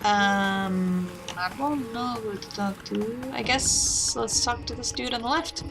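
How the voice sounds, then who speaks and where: A woman's voice: a little high, slow, music in the background. A woman hosting a let's play, giving chatty gameplay commentary with lots of fillers.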